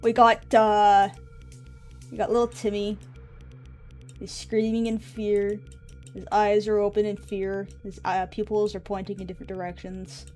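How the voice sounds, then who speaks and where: A woman streaming live, talking casually at an ordinary mid pitch. She rambles in an offhand way and drifts off into asides. Faint music plays quietly behind her voice. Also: flat delivery, measured pace.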